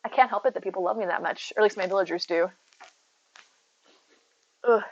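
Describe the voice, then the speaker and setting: At home near her bed, a woman live-streams and chats casually in a brisk, mid-range voice. She greets viewers by name and talks to her cat, though the recording sounds muffled.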